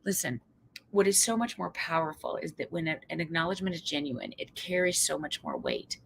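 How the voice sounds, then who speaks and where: A woman psychologist from Canada giving a motivational talk, lively and acting out quoted voices. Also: brisk, creaky, slight background noise, low-quality recording. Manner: lively, acts out quoted voices with big pitch jumps. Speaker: psychologist and speaker.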